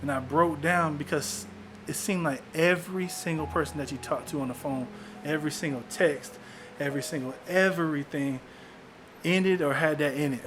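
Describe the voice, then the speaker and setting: A man's voice: fairly high pitch, normal speed. A young man talking candidly in a personal video diary, reflective, often saying "man". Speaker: vlogger documenting his illness. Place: in a parked car. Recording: music playing underneath.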